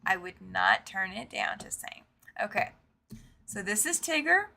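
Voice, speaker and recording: Bright-voiced woman running a live quilting stream, reads the chat, laughs a lot, kinda rambly. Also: mid-range voice, big pitch swings, unhurried, gravelly. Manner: chatty, reads out viewer comments, laughs easily; trails off and repeats phrases. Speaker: host of a live quilting show.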